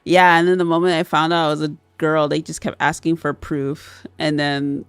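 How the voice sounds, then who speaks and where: A woman's voice: low-pitched, flat delivery, moderate pace, clean tone, no echo. A woman streamer chatting casually with a stuffy, sniffly nose, laughing often and swearing freely. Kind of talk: casual livestream chat.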